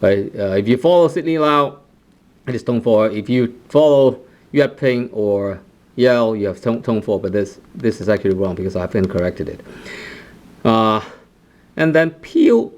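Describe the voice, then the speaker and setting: A man teaching a pronunciation lesson, saying the example sounds over and over, with lots of "uh" and "right?" tags. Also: on the low side. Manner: slow and repetitive, drawing out example sounds with frequent "uh" and "right?". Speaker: Cantonese language teacher.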